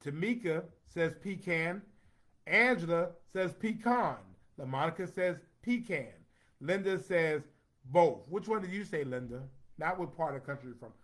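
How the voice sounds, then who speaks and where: Man hosting a casual livestream, playful and chatty, slightly high voice, reads comments aloud. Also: normal speed, fairly bright tone. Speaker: host reading viewer comments.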